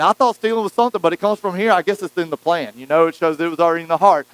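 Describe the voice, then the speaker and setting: A preacher tells the story with animated, acted-out lines. His voice sits high and rings smooth and clear. The sound is close and dry. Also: rapid-fire, hardly any pauses, no room sound, poor audio. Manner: animated storytelling, acting out quotes. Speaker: pastor. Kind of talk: sermon.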